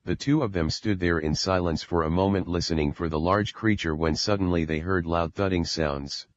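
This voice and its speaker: A man reads a novel aloud in a plain, steady way, his voice very deep. The recording is dry with no room sound and slightly muffled. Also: moderate pace, dry recording. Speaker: audiobook narrator. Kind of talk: scripted narration.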